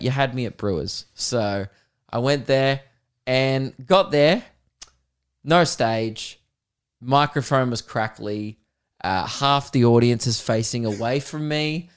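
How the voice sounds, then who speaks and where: A man's voice: medium pitch, clean tone. A man with an Australian accent, hosting a comedy podcast and telling a rambling story while laughing. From Melbourne, Australia.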